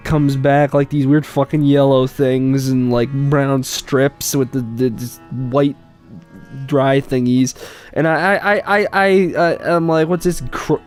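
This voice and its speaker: Man, improvised comic story, rambling, profane, hesitant, resonant voice, soft music underneath. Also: mid-range voice, fairly even intonation, smooth. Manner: rambling, halting, full of fillers and swearing.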